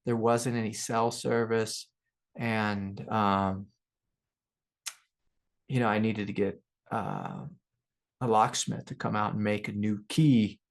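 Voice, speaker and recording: A middle-aged man, a spiritual teacher, telling a personal story in a relaxed, rambling way with many fillers and soft laughs. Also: fairly low pitch, takes it slowly, gravelly, long pauses. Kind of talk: relaxed satsang talk with personal stories.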